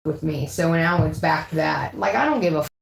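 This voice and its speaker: A woman's voice: low-pitched, lively intonation, fairly quick, creaky, poor audio. Profane, boastful woman ranting to viewers. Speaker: drama livestreamer. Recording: faint background noise.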